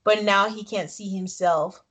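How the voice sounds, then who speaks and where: A woman co-hosting a podcast, recapping a reality show episode in casual, animated chat. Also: medium pitch, measured pace. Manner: animated storytelling, frequent laughs. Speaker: podcast co-host.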